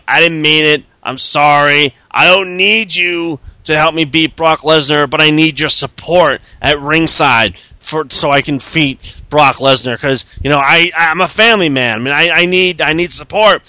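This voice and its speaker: A man's voice: a little high, moderate pace, hardly any pauses, sharp tone, dry recording. A man voicing a male wrestler who rambles through apologies and begs his team to come back. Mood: apologetic.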